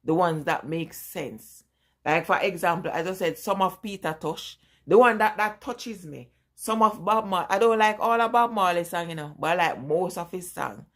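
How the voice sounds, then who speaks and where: Middle-aged Jamaican woman vlogger, lower voice, loose chatty rambling delivery. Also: moderate pace, fairly bright tone. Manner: chatty, rambling, answers viewer questions. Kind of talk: casual live chat with viewers.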